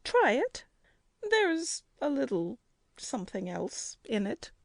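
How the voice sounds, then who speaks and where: A woman's voice: high-pitched, sing-song, takes it slowly, creaky, no room sound, studio quality, pitched above the performer's own voice, exaggerated voice. A woman reading an audiobook, voicing a flustered middle-aged matron who whimpers and sighs. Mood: faint, coy. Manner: breathless, whimpering and sighing.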